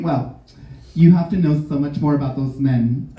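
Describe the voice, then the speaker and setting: A man's voice: on the high side, unhurried, mellow. A man from Miami performing a stand-up comedy set in a club, talking animatedly and slipping into mocking voices. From Miami, United States. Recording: roomy club sound from a distance.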